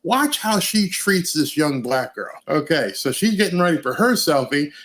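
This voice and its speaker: A man's voice: a little high, big pitch swings, moderate pace, a bit bright. A man hosting political commentary, reacting emphatically to a video and asking rhetorical questions. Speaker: news commentary host.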